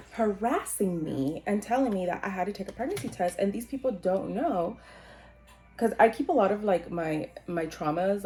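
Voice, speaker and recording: A young woman with a slightly low voice tells a long personal story to the camera in a casual, get-ready-with-me vlog. She rambles in a chatty way, full of fillers and the odd swear word. She acts out what everyone said as she goes. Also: dark tone. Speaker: vlogger telling a personal story.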